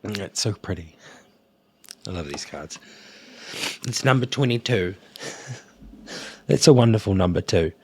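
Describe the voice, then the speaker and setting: A man's voice: lowish voice, expressive, a little slow, long pauses, slight background noise. A man doing a casual oracle card reading to camera, emotional, laughing and sighing as he goes. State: emotional, coughing. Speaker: tarot card reader.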